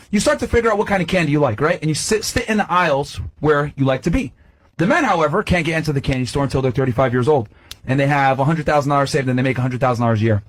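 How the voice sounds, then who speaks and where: A man telling a crude, animated story in a casual podcast rant. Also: fairly high pitch.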